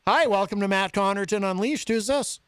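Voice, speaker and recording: Halting high-voiced male radio host. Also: a bit bright, clear, resonant tone, no room sound, clean studio sound. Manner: halting, filler-heavy, amused. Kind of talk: casual call-in radio talk.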